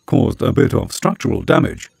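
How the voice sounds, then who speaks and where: A sardonic computer answers in a flat, matter-of-fact way, as a man puts it on in a storybook. The voice is gravelly and a little husky. The sound is dry and close. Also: mid-range voice, normal speed, no echo, soft background music. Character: deadpan sardonic male computer.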